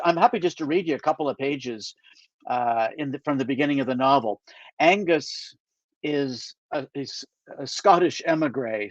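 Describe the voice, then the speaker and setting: A man's voice: mid-range voice, dry recording. A man from Canada, an author introducing his novel in a casual, hesitant way with many fillers. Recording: dull dry lo-fi recording.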